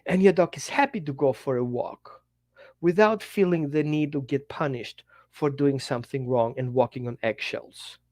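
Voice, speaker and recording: A man dog trainer giving an animated teaching talk straight to the viewer, in slightly non-native English, acting out little quotes as he goes. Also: mid-range voice, moderate pace, no room sound, clean studio sound. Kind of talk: direct-to-camera teaching talk.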